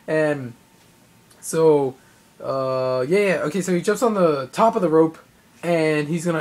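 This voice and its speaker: A young man talks through a live event he went to in a loose, rambling way. He gets excitable, stacks up fillers and slips into acted-out quotes as he goes. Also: on the high side, normal speed. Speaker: vlogger. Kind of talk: casual recap of a live event.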